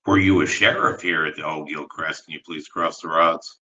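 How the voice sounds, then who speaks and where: Low-voiced man calling to spirits. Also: fairly even intonation, highs cut off. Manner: slow, polite requests with long pauses; gets emotional and soft-spoken. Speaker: ghost hunter. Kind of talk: dowsing-rod spirit session.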